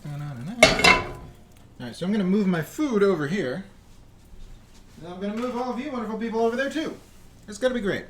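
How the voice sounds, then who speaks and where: A man's voice: sits high, fast, long pauses, noisy background. A man hosting a live baking stream at home in his kitchen, chatting casually and playfully, talking to himself and humming little tunes. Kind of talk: casual live-stream chat while cooking.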